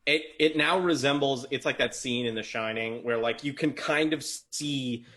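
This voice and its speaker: A man's voice: medium pitch, normal speed, fairly bright tone. A man running a tabletop game as dungeon master, narrating loosely with lots of fillers and restarts.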